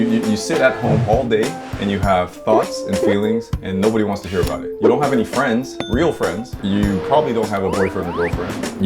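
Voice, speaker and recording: A man giving a casual drawing demonstration, rambling irreverently, swearing freely and bantering with himself as he works. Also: fairly low pitch. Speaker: artist teaching a drawing demo.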